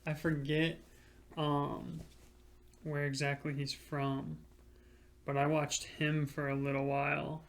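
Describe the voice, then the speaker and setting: A young man in his twenties talks in a slightly high, gravelly voice as a podcast co-host. His manner is relaxed and easygoing, and he sounds at ease chatting. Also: takes it slowly, pauses often. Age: 20s. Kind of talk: casual chat.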